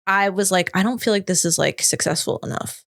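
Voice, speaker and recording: A woman's voice: medium pitch, a little fast, gravelly, a bit bright. A woman guest on a podcast, talking reflectively with lots of "like" and getting emotional. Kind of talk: casual chat.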